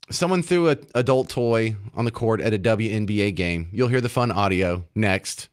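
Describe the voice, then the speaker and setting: A man's voice: on the low side, moderate pace, few pauses, dry recording, clean studio sound. A man hosting a talk radio show, giving opinionated commentary with sarcasm and mocking rhetorical questions.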